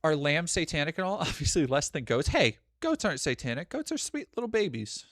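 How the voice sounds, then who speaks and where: Animated, profane live streamer. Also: mid-range voice, brisk, no room sound, clean studio sound. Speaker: streamer reacting to videos. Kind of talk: casual live-stream commentary.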